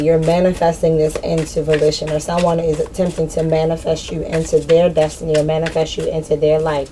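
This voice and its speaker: A woman's voice: sits low, mellow, slight background noise. A woman giving a casual spiritual reading to her viewers, candid and slangy, with frequent swearing. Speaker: spiritual reader.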